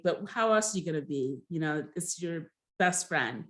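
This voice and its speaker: A woman's voice: lowish voice, expressive, moderate pace. A woman casually recapping a reality show episode, rambling with many fillers and giving blunt, gossipy opinions.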